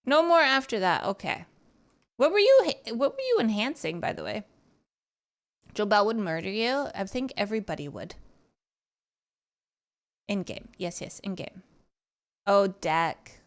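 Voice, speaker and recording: A woman's voice: medium pitch, very animated, unhurried, pauses often. A woman streamer chatting casually with her viewers while gaming, teasing and cursing freely.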